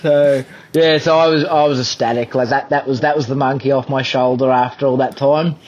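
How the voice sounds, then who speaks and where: A young man, a podcast guest, telling a fishing story in an animated, self-deprecating way. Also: mid-range voice, brisk, lo-fi sound. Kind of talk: casual storytelling.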